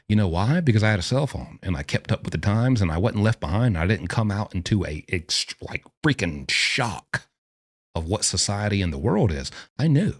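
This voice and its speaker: A man rants through a commentary vlog in a low voice that leaps up and down with emphasis. The sound is dry and close with no room around it. He hammers his points with blunt rhetorical questions. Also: sing-song, moderate pace, dry recording. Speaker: vlogger and former prisoner explaining prison life.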